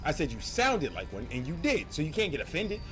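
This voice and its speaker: Animated, profane male streamer. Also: fairly high pitch, brisk. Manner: animated, profane, rambling banter. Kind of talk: casual gaming stream talk. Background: faint game music.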